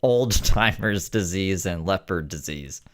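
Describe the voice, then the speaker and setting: Low-voiced male streamer, casual profane commentary, wisecracking. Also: expressive, unhurried, a bit bright, slight background noise. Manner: joking, profane, chatty asides. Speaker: streamer reacting to clips.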